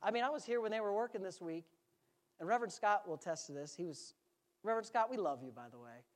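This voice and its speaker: A man's voice: high voice, animated, quick pace. Joking, conversational male pastor preaching. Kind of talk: sermon. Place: church sanctuary.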